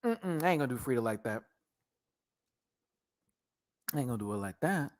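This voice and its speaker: Sassy, animated man reviewing drag. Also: medium pitch, very fast. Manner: laughs often, playfully exaggerated. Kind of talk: casual livestream review.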